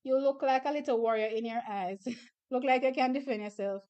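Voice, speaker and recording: A young woman hosting a casual livestream, animated storyteller who laughs often. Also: high-pitched, a little fast, clear, resonant tone, muffled recording. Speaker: livestream host.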